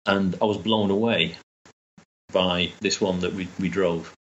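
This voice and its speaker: A man's voice: low-pitched, steady tone, measured pace, highs cut off. A man chatting enthusiastically as a guest, rambling with restarts. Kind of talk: casual chat.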